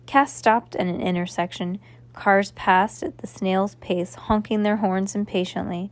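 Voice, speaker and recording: Woman, reading a children's book aloud, mid pitch, steady narration, small restarts. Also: measured pace, no echo. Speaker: reader.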